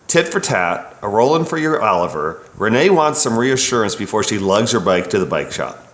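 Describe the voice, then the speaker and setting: A man's voice: lowish voice, lively intonation, normal speed, a bit bright. A bike shop service writer reading his own work story in a wry, opinionated way. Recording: roomy echo.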